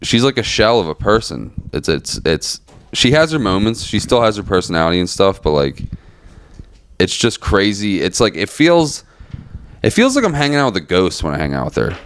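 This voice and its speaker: A man's voice: sing-song, moderate pace, clear, resonant tone. A young man, co-hosting a podcast in loose, profane chat full of "like" fillers. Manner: acts out quoted voices in a much higher pitch. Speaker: podcast co-host. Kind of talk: casual chat.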